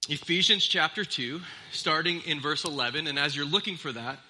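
A middle-aged man delivers a sermon from the pulpit with a strikingly bright, sharp tone. His voice sits a little high for a man. He speaks earnestly and conversationally, stumbling into small restarts now and then. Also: moderate pace. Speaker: pastor. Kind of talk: sermon with opening prayer.

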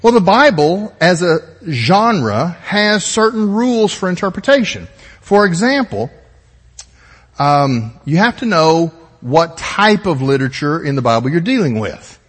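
Husky, lively pastor in a reverberant hall. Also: male voice, high voice, measured pace. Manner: explanatory, methodical, conversational asides. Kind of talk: teaching sermon.

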